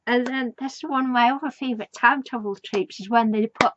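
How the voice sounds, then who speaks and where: A woman's voice: fairly high pitch, steady tone, a little fast, hardly any pauses, dull audio, slight background noise. A woman giving a casual, rambling, enthusiastic fan review of a TV episode. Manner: rambling, enthusiastic, many fillers. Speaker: TV show reviewer.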